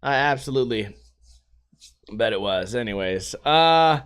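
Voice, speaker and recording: Lively, profane young male podcast host. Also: mid-range voice, measured pace, clear, resonant tone. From United States. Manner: profane, laughing storyteller. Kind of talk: casual solo podcast chat.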